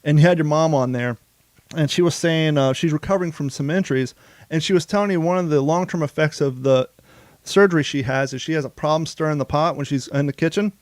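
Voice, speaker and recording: Chatty higher-voiced male podcast host. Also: fast, dry recording. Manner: rambling, self-interrupting. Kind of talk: casual podcast chat.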